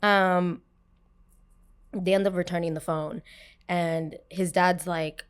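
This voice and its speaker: A woman's voice: a little slow, clean tone. A young woman hosting a podcast, telling a story casually and acting out the people she quotes with a raised voice. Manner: animated, acts out quotes with raised pitch. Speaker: podcast host.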